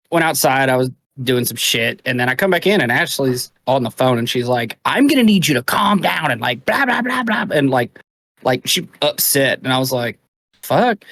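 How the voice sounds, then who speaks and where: A man's voice: medium pitch, a bit bright. A man co-hosting a podcast in casual chat, telling a rambling story full of swearing. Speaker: podcast co-host.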